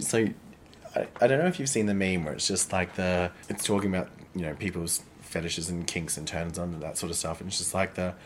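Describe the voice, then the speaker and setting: Deep-voiced Australian man in frank chat. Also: slight background noise. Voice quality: chatty, frank, lots of "like" fillers. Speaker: podcast co-host. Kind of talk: casual chat.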